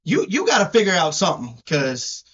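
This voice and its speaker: High-voiced Southern man trash-talking football. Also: wildly swooping pitch, a bit bright, breathy edge. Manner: brash, teasing, drawn-out emphasis. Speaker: podcast co-host. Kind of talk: casual sports chat. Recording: dull lo-fi sound.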